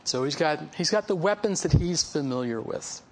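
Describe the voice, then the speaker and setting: This preacher has a fairly high, darkish voice with lively intonation and a moderate pace. His sermon is informal and conversational, teaching a Bible passage through personal stories, folksy remarks and laughter at his own anecdotes.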